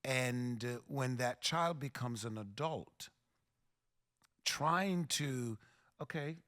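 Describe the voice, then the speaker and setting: A man's voice: medium pitch, slow, a bit bright. A man hosting a faith-based podcast, speaking earnestly, quoting scripture and affirming his guests. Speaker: podcast host.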